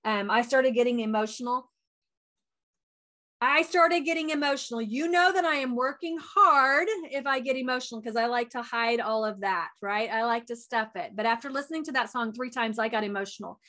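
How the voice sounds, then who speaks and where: A woman, giving a chatty, animated motivational talk as a wellness coach. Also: on the high side. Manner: chatty and animated, says y'all a lot; talks fast.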